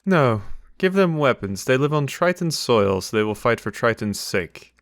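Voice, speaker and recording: A man's voice: medium pitch, big pitch swings, moderate pace, dry recording, studio quality. A man voicing an arrogant tyrant emperor in a game read-along, haughty and commanding. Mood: cold.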